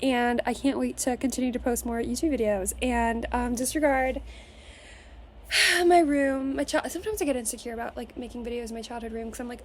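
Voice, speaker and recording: A woman's voice: a little high, brisk, slight background noise. A woman in her twenties from Las Vegas gives a casual motivational rant to the camera from her childhood bedroom, swearing constantly and filling her talk with "like". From Las Vegas, Nevada. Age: 20s. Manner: profane, energetic, filler-heavy with "like". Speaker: vlogger.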